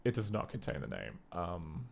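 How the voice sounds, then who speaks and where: A man's voice: deep voice, sing-song, normal speed, vocal fry, a little hiss or hum. A man livestreaming as he programs, thinking aloud in casual commentary, muttering and correcting himself as he goes. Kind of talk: casual live coding commentary.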